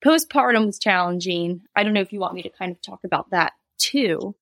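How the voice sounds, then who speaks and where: A woman's voice: mid-range voice, lively intonation, brisk, a bit bright, no room sound. A woman in her thirties, a guest telling a personal story in a candid, rambling way, with laughs and quoted asides. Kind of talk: casual interview storytelling.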